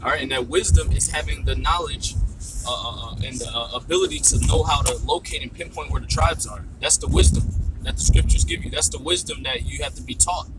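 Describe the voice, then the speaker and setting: A man's voice: medium pitch, a little fast, distant mic, heavy background noise. A man in a casual discussion who reads passages aloud and halts often with fillers. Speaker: discussion participant.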